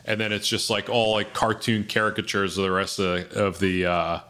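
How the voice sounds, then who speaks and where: Low-voiced laid-back man chatting. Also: completely flat delivery, a little fast, sharp tone. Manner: laid-back, rambling with many fillers. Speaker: podcast co-host. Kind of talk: casual chat.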